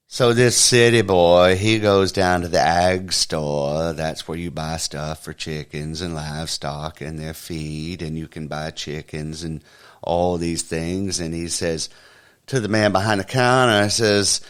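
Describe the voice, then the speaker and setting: A man hosting a podcast, telling a long joke in a folksy, drawn-out storytelling way. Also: deep voice, steady tone, smooth. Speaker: podcast host.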